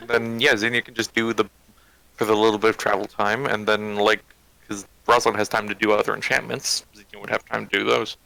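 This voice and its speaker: A man player quickly checking rules and sorting out plans with the group. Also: fairly low pitch, level tone, creaky, sharp tone, low-quality recording. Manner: quick, rule-checking, hesitant starts. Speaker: tabletop game player. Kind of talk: casual out-of-game chat.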